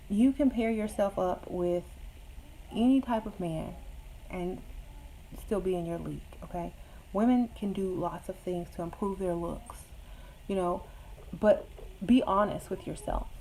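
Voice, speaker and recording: A woman's voice: on the low side, a little slow, pauses often, warm tone, a little hiss or hum, poor audio. A woman casually giving blunt, sassy dating advice to viewers, with joking asides. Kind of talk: casual advice chat answering viewer questions.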